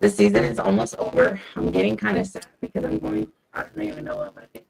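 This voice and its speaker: A woman's voice: mid-range voice, wildly swooping pitch, fast talker, gravelly, a little mellow, husky, rough recording. A woman hosting a casual podcast segment, telling a game recap in upbeat, slangy storytelling. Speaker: segment host, team fan.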